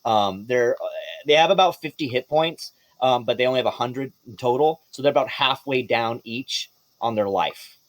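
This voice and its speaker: A man as game master running a tabletop game, lively and profane. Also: medium pitch, normal speed, no echo.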